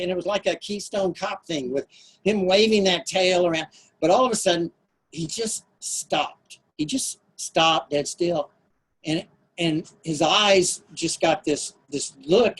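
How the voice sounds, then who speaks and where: A man telling a personal story at a storytelling event, animated and shifting his voice for effect. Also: sits high, slightly rough. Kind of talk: live storytelling performance.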